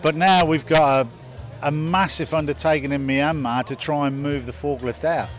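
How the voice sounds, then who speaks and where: A man's voice: fairly high pitch, steady tone, moderate pace, faint music behind. A man talking casually about his business in an interview, telling anecdotes. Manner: chatty, anecdotal. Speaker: business owner interviewed at an event.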